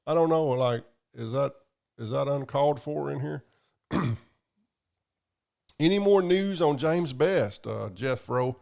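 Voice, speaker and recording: A man's voice: mid-range voice, animated, takes it slowly, creaky, long pauses, a little mellow. A man hosting a live stream, chatting casually and profanely while reading viewer comments. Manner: rambling, profane, drawling. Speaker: livestream host.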